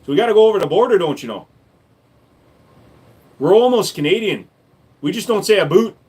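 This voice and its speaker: A man's voice: high voice, expressive, a little fast, darkish tone, husky, exaggerated voice. A man putting on a cheerful, folksy upper-Midwest neighbor with a Minnesota accent and sing-song phrasing.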